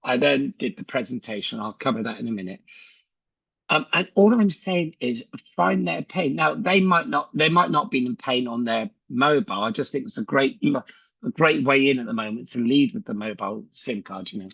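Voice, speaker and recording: Gravelly man on a video call. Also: mid-range voice, normal speed, fairly bright tone, dry recording, dull audio. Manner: chatty storyteller who acts out dialogue. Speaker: sales trainer. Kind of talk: casual training talk on a video call.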